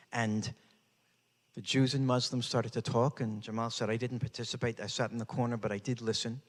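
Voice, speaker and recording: Older man telling a story in a hall. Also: medium pitch. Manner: dramatic, builds to raised intensity. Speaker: speaker. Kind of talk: storytelling talk. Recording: hall with long reverb.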